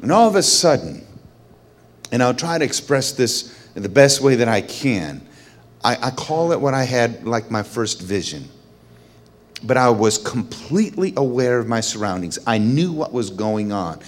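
Middle-aged man, testimony storyteller, lively pitch, rises when excited, hushes when solemn. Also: normal speed. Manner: animated storyteller, voice rises high when excited, drops low and quiet when solemn. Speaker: speaker sharing a personal testimony.

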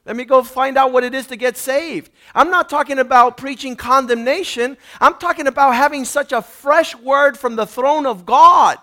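A man preaching with a very high voice that is bright and forceful. He reads scripture aloud, then builds each point into loud, emphatic exhortation. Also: normal speed. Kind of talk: sermon.

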